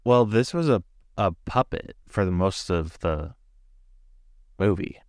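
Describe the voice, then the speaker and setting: A man's voice: low-pitched, lively intonation, measured pace, dry recording, clean studio sound. A man co-hosting a casual movie review podcast, chatty and full of fillers. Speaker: podcast co-host.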